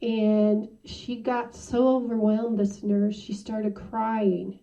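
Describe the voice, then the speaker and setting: A woman giving a personal testimony in an interview, halting and full of "you know" fillers. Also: medium pitch, little pitch movement, vocal fry, mellow. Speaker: interview guest. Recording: muffled sound from a distant mic.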